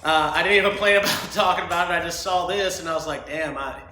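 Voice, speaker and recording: A man with a fairly high voice hosts his solo podcast, rambling from one opinion to the next with crude jokes and frequent laughs. His voice rings in an echoey room with a faint hum underneath. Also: fast, sharp tone. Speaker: podcast host.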